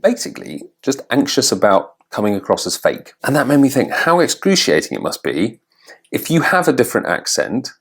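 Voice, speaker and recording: A man's voice: mid-range voice, big pitch swings, fairly quick, creaky, breathy edge. An English man who works as an accent coach, narrating a vlog in a thoughtful, candid way with self-deprecating humour.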